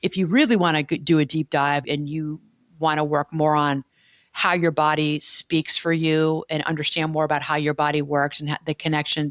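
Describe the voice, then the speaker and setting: In a low voice, a woman therapist hosting a podcast lays out ideas didactically, repeating the key points and asking "okay?" as she goes. It's studio-quality audio with no echo.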